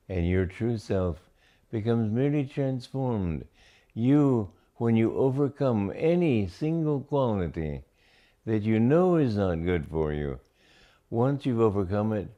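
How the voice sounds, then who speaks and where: An aging spiritual teacher offers slow, deliberate reflections on scripture, pausing often between phrases. His voice sits low with a warm tone, captured in a muffled recording.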